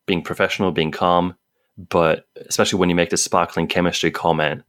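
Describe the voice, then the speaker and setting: A man running a tabletop game as game master, narrating quickly and casually with many fillers. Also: deep voice, steady tone, fairly bright tone.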